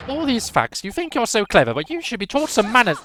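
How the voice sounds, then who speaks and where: A man voicing a pompous male prosecutor in a shrill, loud, blustering voice. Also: huge pitch swings, fast, a little hiss or hum, heavily acted.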